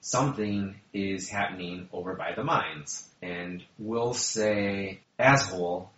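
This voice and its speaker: A man narrates a tabletop game as game master in a low, measured voice. The recording sounds roomy and dull, and he takes his time with each line. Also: fairly bright tone.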